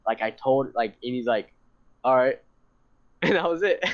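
A man's voice: medium pitch, measured pace. Rambling young man telling a story. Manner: rambling, animated, profane, laughs often. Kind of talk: casual storytelling. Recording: dull lo-fi sound.

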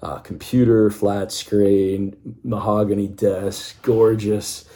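A man with a very low, dark and mellow voice tells a dramatic story in the second person. He pulls the listener into the scene as "you". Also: flat delivery, slow pace.

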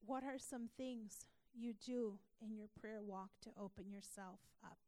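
A woman's voice: medium pitch, a little slow, warm tone, no room sound. A woman pastor teaching a church class, earnest and emphatic, asking her listeners questions.

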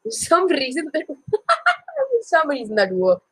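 Slow, joking teenage boy storyteller. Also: very high voice, huge pitch swings, pushed and bright, dry recording, low-quality recording. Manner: jokey asides, self-corrections. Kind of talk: casual myth retelling.

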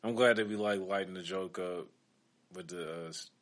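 A man's voice: low-pitched, normal speed. A man co-hosting a podcast in casual chat, loose and laughing, with lots of fillers. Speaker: podcast co-host.

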